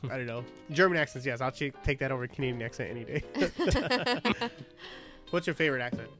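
A man's voice: medium pitch, lively intonation, a little fast, a bit bright, faint music behind. A man hosting a casual podcast chat, joking crudely and laughing often. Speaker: podcast host.

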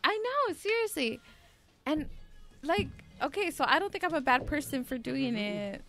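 Female podcast co-host, chatty and laughing, slightly high voice. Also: very animated, normal speed, over music. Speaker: podcast co-host, works with patients. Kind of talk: casual podcast storytelling.

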